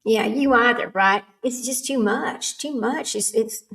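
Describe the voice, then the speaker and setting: A woman's voice: on the high side, a little slow, gravelly, a bit bright. A woman, hosting a casual livestream chat, rambling and laughing often. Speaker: livestream host. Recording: echoey room, far from the mic.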